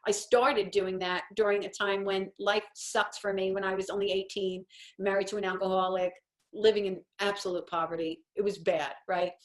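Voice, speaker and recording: A woman's voice: mid-range voice, little pitch movement, moderate pace. A woman in her fifties hosting a casual coffee-talk monologue, telling stories in a rambling, self-deprecating way. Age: 50s. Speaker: host.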